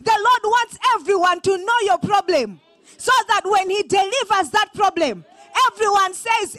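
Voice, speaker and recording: Malawian woman preacher, very high voice, dry close sound, impassioned, shouting calls to the congregation. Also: moderate pace, no echo, soft background music. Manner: impassioned, call-and-response, often shouting. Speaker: prophetess preaching. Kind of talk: sermon.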